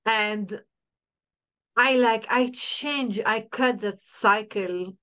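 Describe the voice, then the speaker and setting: Middle-aged woman, podcast guest; smooth voice, halting restarts, repeats herself. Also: on the high side, pushed and bright. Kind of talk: emotional personal storytelling.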